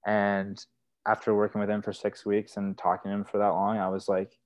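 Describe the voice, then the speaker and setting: A man's voice: lowish voice, monotone, moderate pace, dry recording, lo-fi sound. A young man telling stories from his work as a wilderness therapy guide in casual, earnest podcast talk, full of "like" and "you know". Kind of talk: casual conversational storytelling.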